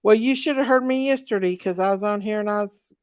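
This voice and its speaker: This Southern-accented woman talks fast, her medium-pitched voice smooth with a darkish tone. She hosts a laid-back livestream chat, drawling and chatting while reading viewer comments aloud. The sound is clean studio quality without echo.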